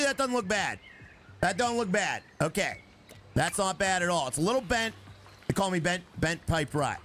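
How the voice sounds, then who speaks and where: Jokey guy streaming a game to chat, kinda high voice, super animated. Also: fairly quick, slight background noise. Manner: playful, jokey, chatting to viewers. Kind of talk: casual live game commentary.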